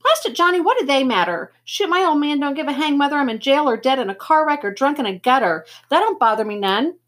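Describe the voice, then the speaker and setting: A woman's voice: sits high, animated, fast, fairly bright tone, pitched above the performer's own voice. A woman reading as a tough, cocky teen gang member. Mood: snapping. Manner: blunt, slangy, snapping.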